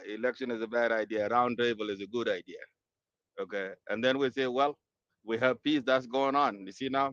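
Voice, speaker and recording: This is a man moderating an online political discussion, speaking in a measured, hesitant way with many pauses. His voice sits at a middle pitch. The sound is muffled and lo-fi, dry with no room echo. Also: a bit bright. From South Sudan.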